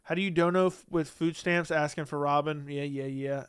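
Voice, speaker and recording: A man's voice: a little high, steady tone, moderate pace, clear, resonant tone, dry recording, clean studio sound. A man hosting a casual livestream, reading chat messages aloud and answering them in a blunt, dismissive way.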